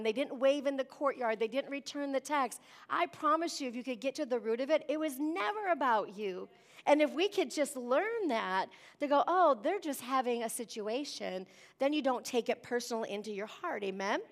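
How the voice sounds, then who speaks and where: A woman preaching a sermon, lively and emphatic, often asking the congregation "amen?". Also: on the high side. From Wisconsin. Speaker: pastor.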